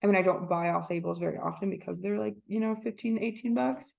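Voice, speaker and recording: A woman's voice: mid-range voice, fast, gravelly, a little mellow. A young woman co-hosting a podcast, telling stories in casual chat and acting out what people said. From Orlando area. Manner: chatty storytelling, acts out quotes. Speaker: podcast co-host.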